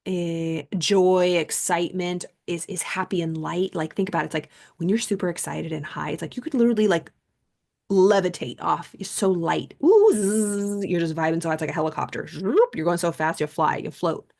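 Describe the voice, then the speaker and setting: Woman coach, slightly low voice, casual, animated book commentary. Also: brisk, creaky. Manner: animated, mixes reading aloud with personal stories. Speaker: self-help coach reading and discussing a book.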